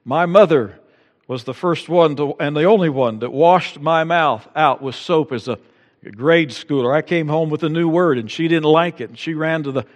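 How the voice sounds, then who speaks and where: A man's voice: on the high side, moderate pace. Man preaching in a reverberant hall. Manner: preaching with rising emphatic peaks and acted-out quotes. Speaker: pastor. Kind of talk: sermon.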